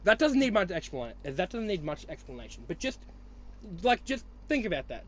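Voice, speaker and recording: A young Australian podcast host with a high-pitched voice talks fairly quickly and very animatedly in a casual chat. He rambles, teases his friends, swears freely, and trails off and restarts.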